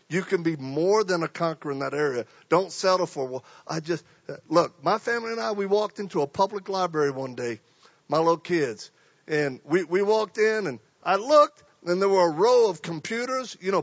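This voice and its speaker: A man preaching a sermon, telling stories and acting out voices, swinging from quiet to loud. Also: sits high, vocal fry, no room sound, lo-fi sound.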